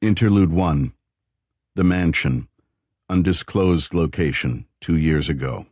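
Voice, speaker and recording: Low slow guy narrating a thriller audiobook, mellow dry sound. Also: slightly rough, dry recording. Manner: measured, calm storytelling. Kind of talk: scripted narration.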